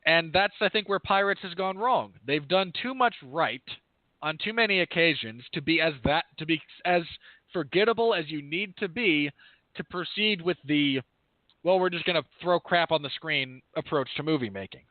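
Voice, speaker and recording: A man's voice: on the high side, animated, moderate pace, dry recording. A man co-hosting a film review podcast, talking in a rambling, candid, self-correcting way. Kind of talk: casual review chat. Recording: tinny phone-like line, dry.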